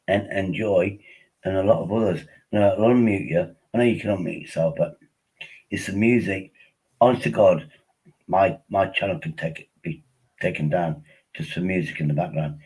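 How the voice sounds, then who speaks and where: A man's voice: sits low, husky, rough recording. A man hosting a casual livestream, rambling and joking while tipsy on wine, often repeating himself. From England. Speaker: livestream host.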